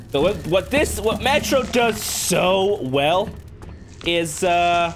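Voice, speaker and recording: Excitable young man, lively pitch. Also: takes it slowly, noisy background. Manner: excitable, jumpy, shouting when startled. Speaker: gaming video host. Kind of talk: let's play commentary. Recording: loud game sound under voice.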